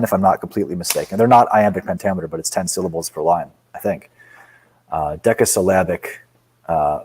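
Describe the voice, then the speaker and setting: A man's voice: low voice, a little mellow, husky, low-quality recording. A man, a poet and author, talking bluntly and with strong opinions as a guest in a casual interview.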